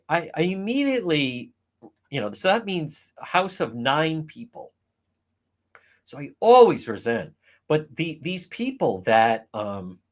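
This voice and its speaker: A man hosting a casual livestream, ranting in an animated, profane way. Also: fairly high pitch. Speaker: livestream host.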